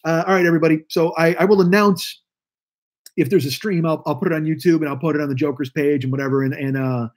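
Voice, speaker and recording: A man's voice: fairly high pitch, steady tone, fast talker. A man hosting a live stream, telling a profane, rambling story about his rideshare driving. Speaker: podcast host and rideshare driver. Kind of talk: casual live stream monologue.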